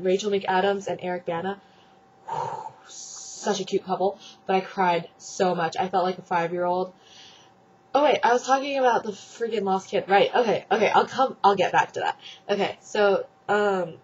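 Chatty young woman with a husky voice. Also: medium pitch, darkish tone. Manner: chatty, gushing, lots of fillers. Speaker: vlogger. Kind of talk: casual chat. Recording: dull lo-fi webcam audio.

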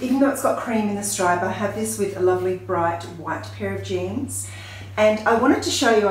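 A woman chatting enthusiastically about styling outfits, explaining each choice as she goes. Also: mid-range voice. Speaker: fashion vlogger. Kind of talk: casual fashion styling talk to camera. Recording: very echoey room with faint noise.

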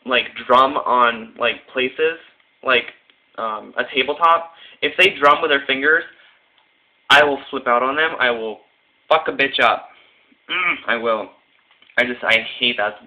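A man's voice: medium pitch, bright, forceful tone. A young man vlogging casually into a phone, giggly and rambling with lots of fillers. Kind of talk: casual tag video chat. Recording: tinny phone-quality audio.

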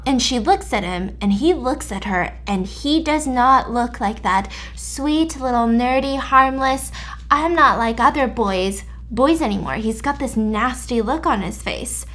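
A young woman chatting through an animated story retelling while baking, swearing in a mock-censored way. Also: a little high, slow pace. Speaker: YouTube storyteller.

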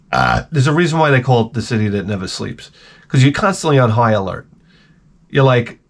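A man hosts his own video and rants through a story in a loose, profane way. He jumps between loud outbursts and quiet muttered asides, restarting his sentences as he goes. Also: mid-range voice. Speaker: video host. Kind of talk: rambling comic rant to camera.

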